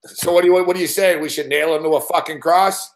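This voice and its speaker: A man's voice: on the high side, steady tone, quick pace. A male host of a betting show, teasing his caller in profane casual chat.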